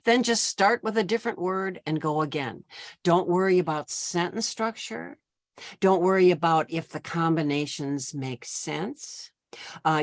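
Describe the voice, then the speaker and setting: A woman's voice: fairly low pitch, dry recording. A woman leading a poetry workshop, patiently explaining each step to her participants. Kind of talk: giving workshop instructions.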